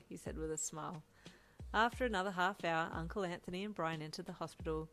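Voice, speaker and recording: A woman narrating a fan fiction story in a steady, low-key way. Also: a little fast.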